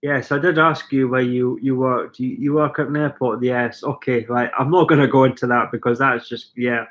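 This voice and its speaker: A man's voice: mid-range voice, fairly even intonation, moderate pace, fairly bright tone, muffled recording. A middle-aged Scottish man at home with a cold, coughing and chatting self-mockingly on a live stream while reading out viewer comments. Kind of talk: rambling live stream chat. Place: living room at home.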